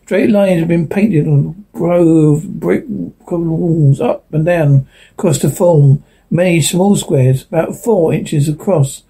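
A man's voice: fairly high pitch, measured pace, vocal fry, dark tone, slightly rough, low-quality recording. A man reading a science fiction story aloud, stumbling and restarting now and then. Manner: unpolished reading with slips and restarts. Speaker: narrator.

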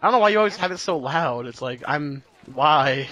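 A young man chatting casually while gaming, excitable and swearing often, with quick complaints. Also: on the high side, dry recording, lo-fi sound. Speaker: gaming commentator.

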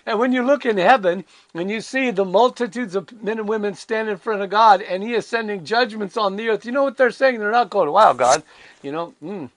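A man's voice: sits high, brisk, few pauses, no room sound. An older man preaching a conversational devotional sermon, emphatic and candid, full of rhetorical questions. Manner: candid and self-deprecating.

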